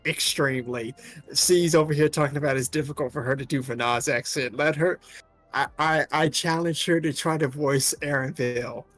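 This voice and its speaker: A chatty man on a live stream who trips over his words and restarts as he tells his stories. His voice sits higher than most men's. Faint music plays behind him. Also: fairly even intonation, normal speed, fairly bright tone. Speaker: voice-acting streamer. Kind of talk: casual chat on a live stream.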